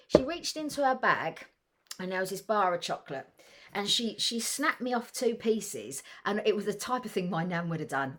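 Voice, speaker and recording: A woman's voice: mid-range voice, very animated, normal speed, a bit bright. A woman podcast co-host telling a childhood memory in a fond, rambling way, often restarting her sentences.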